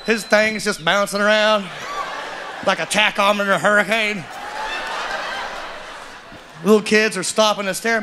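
A man doing a stand-up comedy set, drawling and animated. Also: high voice, measured pace, long pauses. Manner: drawling storyteller, animated and loud, mimics characters. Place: comedy club stage with live audience. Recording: live club recording, audience noise.

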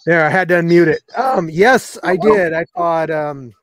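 A man's voice: a little high, moderate pace, dry recording. A man who is a guest fighter, telling stories in an easygoing, chatty way during an interview. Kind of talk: casual interview.

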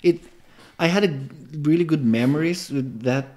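Filipino-accented male podcast guest, halting, chatty. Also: fairly high pitch, darkish tone. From Philippines. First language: Tagalog. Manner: hesitant, many restarts, laughs easily. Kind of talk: casual interview answers.

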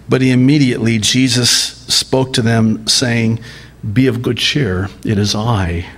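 Slow, deliberate male pastor preaching. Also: mid-range voice, steady tone, a bit bright. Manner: slow, deliberate preaching with dramatic voice rises on quoted lines. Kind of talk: sermon.

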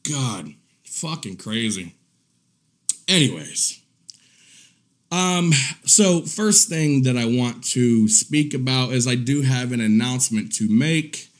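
On a profane live commentary stream, a male host delivers crude mockery, laughing at his own digs as he shifts from quiet muttering to loud, indignant rants. His delivery is expressive and slow.

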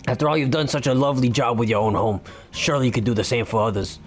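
A man's voice: mid-range voice, fairly even intonation, quick pace, voice pushed down, close to an everyday voice. A man voicing a courteous, fatherly raccoon businessman while reading game dialogue aloud. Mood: polite. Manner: courteous, formal and gentle. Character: polite raccoon businessman, older male, fatherly.

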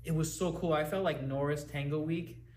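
A man's voice: on the high side, fairly even intonation, moderate pace, a little mellow. A man co-hosting a casual chat, telling stories eagerly and gushing about people he admires. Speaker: podcast co-host. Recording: roomy echo, faint background hum.

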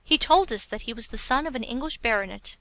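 Bright-voiced woman reading an audiobook. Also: on the high side, animated, fast talker. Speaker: audiobook narrator. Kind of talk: scripted audiobook narration.

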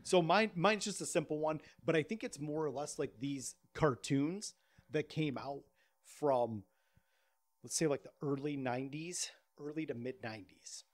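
A man's voice: fairly high pitch, normal speed. A man in his thirties hosting a podcast, telling stories with profane mock outrage. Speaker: podcast host. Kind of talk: casual podcast banter.

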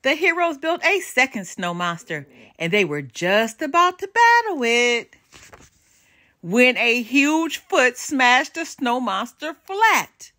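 An older woman reads a children's picture book aloud, her voice bright and lively as it swings through the story. She tells it with animated expression and well-placed dramatic pauses, pitched a touch high.

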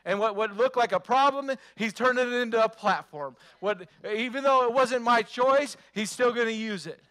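A man's voice: very high-pitched, moderate pace, pushed and bright. A male pastor preaching a sermon, emphatic, repeating phrases and asking the congregation rhetorical questions.

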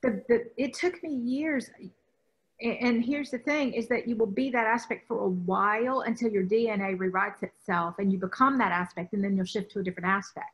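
A woman from the American South who works as a spiritual teacher speaks in a mid-range voice, a little quickly, over poor-quality audio. She talks emphatically and rambles, frequently restarting her sentences, in a conversational discussion of spiritual matters.

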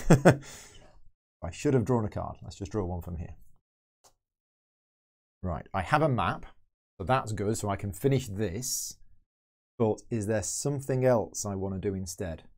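A man's voice: fairly low pitch, animated, a little slow, long pauses, a little mellow. A man hosting a board game channel, thinking aloud as he plays through a solo game and explains each move. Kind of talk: solo game playthrough commentary.

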